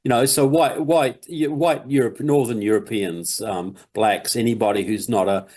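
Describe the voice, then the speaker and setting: A man's voice: medium pitch, normal speed, darkish tone. A man speaking as a guest on a talk show, explaining his points earnestly. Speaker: guest commentator.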